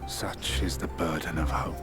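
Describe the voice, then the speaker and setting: An actor playing a solemn, otherworldly male emissary in a video game, speaking in a measured, grave way. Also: very deep voice, flat delivery. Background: game music.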